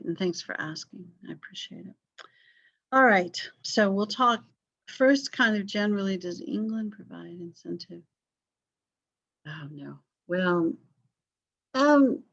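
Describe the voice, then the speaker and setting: A woman gives a history lesson over a video call, her voice a little muffled and lo-fi. She talks in an easygoing, chatty way, full of ums and quick apologies. Her pitch sits in an ordinary middle range. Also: gravelly. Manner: conversational, apologetic asides, frequent fillers. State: coughing, yawning. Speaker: history teacher. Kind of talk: online class lecture.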